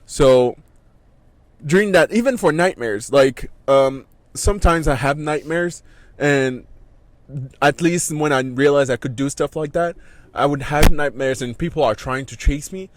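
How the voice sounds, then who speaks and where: A man's voice: on the high side, measured pace, slight background noise. A man in casual podcast chat, telling a rambling story with plenty of swearing and laughter. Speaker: podcast co-host.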